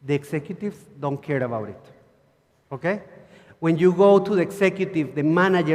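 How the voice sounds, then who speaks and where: A man speaks from the stage of a large conference hall, his fairly high voice trailing off into long reverb. He tells stories in an animated way, slipping into quoted voices and throwing asides to the audience. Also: a little fast. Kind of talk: conference keynote talk.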